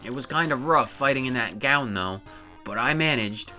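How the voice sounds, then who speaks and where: A man's voice: mid-range voice, expressive, moderate pace, sharp tone, faint music behind. A man voicing a boastful adult plumber hero telling a tall tale, reaching for an Italian-style accent while reading game dialogue. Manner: tries for an Italian-style accent, bragging storytelling.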